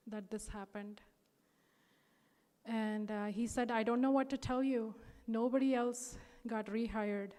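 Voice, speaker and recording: A young woman with a fairly high, steady, dark voice shares a personal testimony at a devotional gathering, speaking at a measured pace. She is earnest and emotional and uses many fillers, and the large hall adds reverb to the recording.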